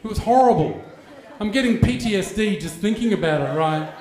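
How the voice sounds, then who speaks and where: Crude man in his forties, high voice. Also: brisk, echoey room. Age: 40s. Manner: crude, animated storytelling with mock voices. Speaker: stand-up comedian. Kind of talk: stand-up comedy set. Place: stage in a venue with an audience.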